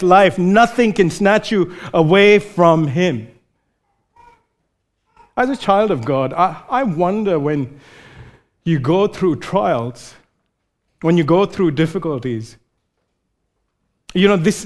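High-voiced male preacher, earnest sermon. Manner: earnest, conversational, with frequent restarts.

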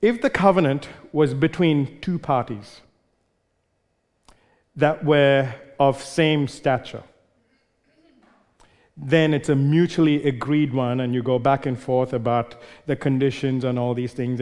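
A man's voice: medium pitch, fairly even intonation, unhurried, darkish tone. A man preaching a sermon, emphatic, repeating words for stress as he leads a congregation through a passage. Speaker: pastor. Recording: long reverb of a large hall.

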